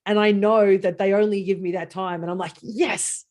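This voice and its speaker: An animated woman co-hosting a casual chat on a video call, acting out quoted voices and laughing. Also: mid-range voice, fairly quick. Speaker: co-host.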